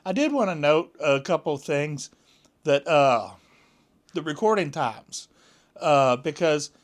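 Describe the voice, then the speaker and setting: Slow, rambling man vlogging. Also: a little high, lively intonation. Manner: rambling with many fillers and restarts. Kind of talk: casual chat to camera.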